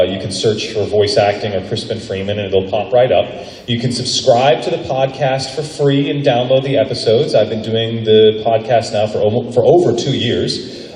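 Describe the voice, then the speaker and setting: Male acting teacher at a convention panel, animated and playful; captured distantly in a reverberant hall. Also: lowish voice. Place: large convention panel room. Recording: echoey hall recorded from far off.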